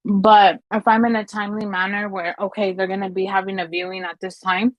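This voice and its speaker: A woman's voice: mid-range voice, level tone, fairly quick, highs cut off. A middle-aged woman, a funeral director, telling stories in casual podcast talk, acting out quotes and swearing freely.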